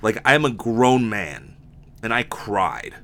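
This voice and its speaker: A man's voice: on the low side, expressive, slow, fairly bright tone. A young man with a slight lisp and a sore mouth, hosting a casual solo podcast in a rambling, candid way with frequent swearing and restarts. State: sore mouth from impacted wisdom teeth. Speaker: podcast host.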